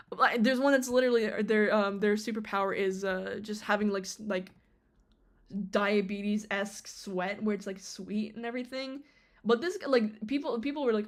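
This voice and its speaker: A woman's voice: mid-range voice, steady tone, moderate pace. A young woman streamer chatting casually on a live stream, rambling with many fillers and restarts.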